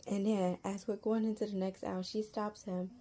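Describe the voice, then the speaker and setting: A woman sharing parenting advice in a casual storytelling vlog, chatty and quick to laugh, repeating her key points, recorded at home. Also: mid-range voice, flat delivery, warm tone. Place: at home near a humming fridge. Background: faint fridge hum.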